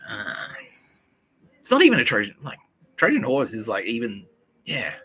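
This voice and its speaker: A man's voice: medium pitch, huge pitch swings, moderate pace, bright, forceful tone, breathy edge, poor audio. A man hosting a podcast, rambling through profane casual banter and laughing often. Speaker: podcast host.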